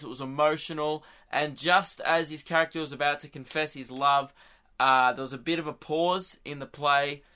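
Bright-voiced man rambling on a podcast. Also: on the high side, clear, resonant tone. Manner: rambling, self-amused, laughs at own jokes. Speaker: podcast host. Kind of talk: casual storytelling monologue.

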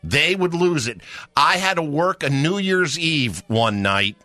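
A male radio host taking calls and telling a story from his restaurant days in a chatty, animated way. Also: a little high, unhurried, no room sound, soft background music. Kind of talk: call-in radio show hosting.

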